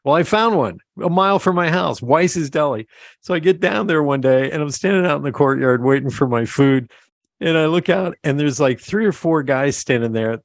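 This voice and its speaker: A middle-aged man hosts a casual interview, telling stories with energy and slipping into the voices of the people he describes. His voice sits at a medium pitch. The sound is dry and close to the mic. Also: no room sound. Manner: animated storyteller, acts out quoted voices. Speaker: podcast host.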